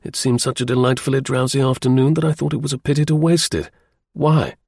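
A man voicing an excitable young man who fires off quick, jerky questions, with a husky voice. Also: mid-range voice, dry recording, clean studio sound, voice pushed up. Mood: breezy.

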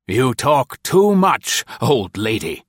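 A man voicing a cold, menacing gunman in an audiobook, speaking clipped and slow. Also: mid-range voice, very animated, dry recording, clean studio sound, pitched above the performer's own voice. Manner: clipped, threatening.

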